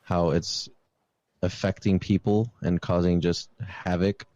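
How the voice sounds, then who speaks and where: A man's voice: sits low, flat delivery, takes it slowly, a little mellow, no room sound, muffled recording. A young man hosting a casual podcast chat, talking in a laid-back, rambling way with fillers. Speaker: podcast host.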